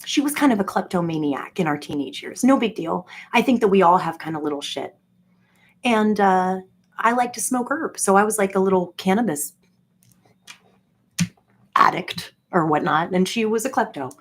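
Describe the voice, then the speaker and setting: A woman in her forties talks straight to her viewers in a loose, wandering monologue. Her voice is husky and sits at a middle pitch. She stops and restarts often and leans on "like" between words. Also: animated. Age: 40s. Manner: halting, heavy with "like" fillers. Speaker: streamer talking to viewers. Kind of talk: rambling casual monologue.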